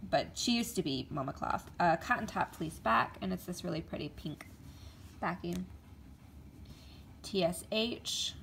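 A woman's voice: fairly low pitch, gravelly, a bit bright, a little hiss or hum. A woman chatting casually to camera in a show-and-tell vlog, stumbling over names and filling gaps with ums. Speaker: vlogger.

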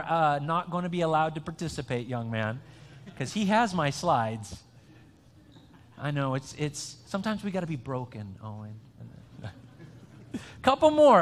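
Speaking in a high, expressive voice that's a little slow and a bit bright, a pastor leads a conversational sermon with an interactive quiz. He jokes and chats, restarting sentences often, while the sanctuary's long hall reverb follows each line.

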